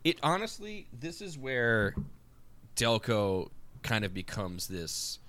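A man with a Philadelphia accent, a podcast guest telling stories in a playful, animated way. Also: mid-range voice, takes it slowly, slight background noise. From Philadelphia area. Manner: animated storyteller, playful, self-deprecating. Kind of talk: casual podcast chat.

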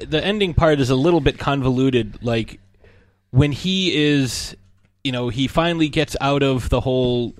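A man's voice: mid-range voice, no echo. Man rambling through a movie plot. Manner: rambling plot recap, acts out lines. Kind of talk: casual movie discussion.

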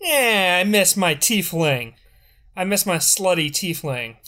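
A man co-hosting a casual podcast, blunt and sardonic and quick to swear. His voice sits a little higher than most men's. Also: expressive, sharp tone. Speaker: podcast co-host.

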